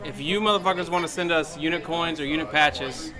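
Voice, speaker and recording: A man with a fairly high voice bantering and swearing in easy podcast talk. Crowd noise surrounds him outdoors, giving the chat a busy, lively backdrop. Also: brisk. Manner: profane, upbeat banter. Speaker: podcast co-host. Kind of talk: casual chat.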